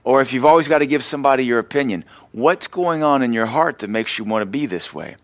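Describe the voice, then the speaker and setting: A man's voice: medium pitch, expressive, fast, dry recording. A man pastor delivering a conversational sermon lesson, mixing scripture with personal stories told against himself. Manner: conversational preaching with self-deprecating stories. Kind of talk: sermon teaching.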